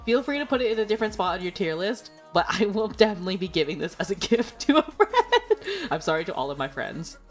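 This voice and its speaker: Over quiet background music, a female streamer keeps up a quick, chatty conversation with her audience. Her medium-pitched voice swings widely up and down, broken by frequent giggles and plenty of "like" and "you know."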